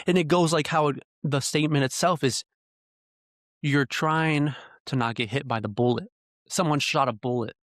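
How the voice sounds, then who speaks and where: A man's voice: medium pitch, no room sound. A man hosting his own podcast, delivering an earnest, heated monologue full of rhetorical questions into a close microphone. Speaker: podcast host. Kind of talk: ranting solo podcast monologue. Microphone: podcast mic close up.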